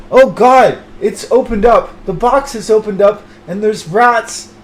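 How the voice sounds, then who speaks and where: A man excitedly narrating an improvised comic scene. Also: high voice, measured pace, hardly any pauses, slight background noise.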